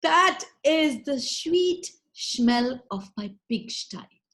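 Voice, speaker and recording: A woman's voice: high-pitched, animated, very slow, fairly bright tone, voice pushed up, full character voice. Woman playing a pompous oinking pig suitor. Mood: boastful. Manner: grand, showy, oinking.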